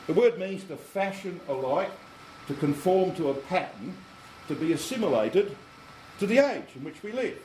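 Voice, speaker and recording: A man's voice: sits high, animated, moderate pace, a little mellow. A man preaching a sermon, explaining scripture step by step and putting rhetorical questions to his listeners. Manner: teaching, asks the congregation rhetorical questions. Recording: echoey room with faint air conditioning hum.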